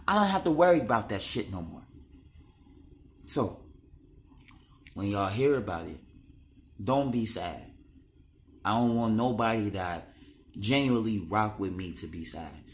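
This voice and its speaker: A man's voice: fairly low pitch, lively intonation, unhurried, pauses often, slight background noise. A young man talking straight to the camera in a raw, emotional monologue, slangy and full of swearing.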